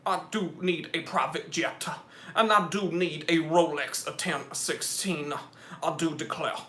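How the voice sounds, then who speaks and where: A man's voice: fairly high pitch, measured pace, bright, forceful tone. A man voicing a blustering Southern cartoon rooster with a drawling, repetitive delivery. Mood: blustery. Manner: drawling, repeats "I do declare". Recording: echoey room.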